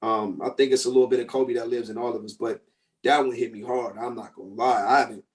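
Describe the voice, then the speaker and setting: A man's voice: medium pitch, fast. A man in his thirties, a rapper guesting on a radio show, telling stories casually and acting out quotes. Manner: animated storyteller, acts out quotes. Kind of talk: casual radio interview chat. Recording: distant from the mic.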